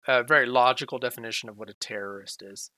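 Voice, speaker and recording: A man's voice: mid-range voice, steady tone, fast talker, sharp tone. A man acting as game master, describing scenes in a hesitant, filler-heavy way. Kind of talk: running a tabletop game.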